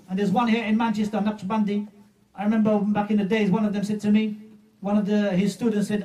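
A man's voice: high-pitched, flat delivery, brisk, mellow, far from the mic. A man preaching a sermon, emphatic and mocking as he retells a story.

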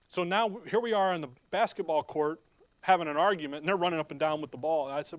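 A man's voice: on the high side, fast talker, no echo. A man preaching a sermon in a conversational, storytelling way. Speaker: pastor.

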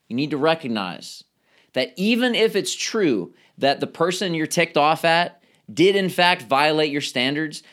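A man hosting a pharmacist podcast, coaching his listeners directly and acting out quoted voices with lively energy. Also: fairly high pitch. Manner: animated, acts out quoted voices; coaching, speaks straight to the listener. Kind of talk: motivational podcast talk.

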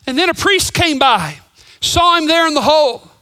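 A male pastor preaching a sermon, telling stories and swinging from loud emphasis to hushed whispers. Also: extremely high pitch, lively intonation, normal speed, no room sound. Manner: storytelling with voices.

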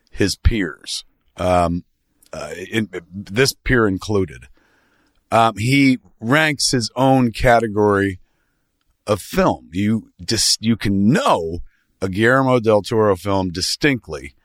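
A man's voice: lowish voice, a bit bright, dry recording, clean studio sound. A man hosting a casual film talk show, rambling loosely with lots of fillers and asides. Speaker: podcast host.

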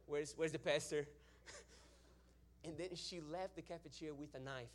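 Brazilian-accented man preaching an animated testimony. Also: on the high side, moderate pace, long pauses. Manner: animated storytelling, swings from hushed prayer to loud praise. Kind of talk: testimony sermon.

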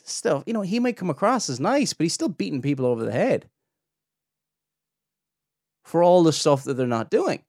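A man giving critical commentary on a podcast, his delivery lively and swinging up and down in pitch. He talks pointedly and throws out rhetorical questions. The sound is dry, with no room behind him. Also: moderate pace, pauses often, dry recording. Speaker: podcast host reviewing a preacher's clips.

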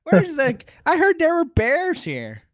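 A man voicing a cranky, drunk, lecherous old man brawler in improvised comedic role-play, drawling and shouting indignantly. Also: extremely high pitch, wildly swooping pitch, unhurried, dry recording, clean studio sound, pitched above the performer's own voice, full character voice. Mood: rowdy.

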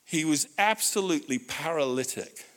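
A man's voice: fairly high pitch, moderate pace. Middle-aged male pastor telling a story. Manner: animated personal storytelling with frequent restarts and audience asides. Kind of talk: sermon storytelling.

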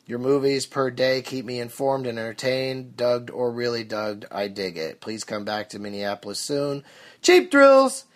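Podcast host reading listener reviews. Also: male voice, mid-range voice, fairly even intonation, normal speed, hardly any pauses.

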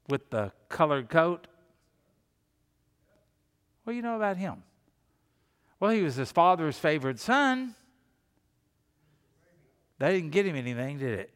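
A man's voice: on the high side, fairly bright tone, big-room sound. A male pastor giving a sermon, telling Bible stories and briefly acting out the people in them. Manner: storytelling preacher who acts out quoted characters.

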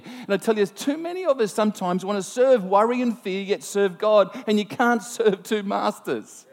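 A man preaching a sermon, telling a personal story in an animated, self-mocking way. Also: high voice, moderate pace, hardly any pauses. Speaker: pastor. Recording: long hall reverb.

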